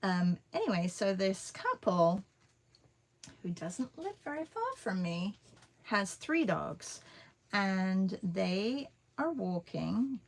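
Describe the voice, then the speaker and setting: A woman's voice: medium pitch, big pitch swings, slow pace. A woman who teaches art and vlogs tells a rambling, chatty story full of fillers while she paints.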